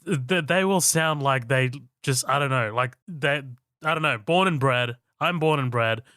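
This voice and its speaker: Smooth bright Australian-accented man. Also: medium pitch, unhurried, no room sound, clean studio sound. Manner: hesitant, many fillers. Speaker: podcast co-host. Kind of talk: casual movie discussion.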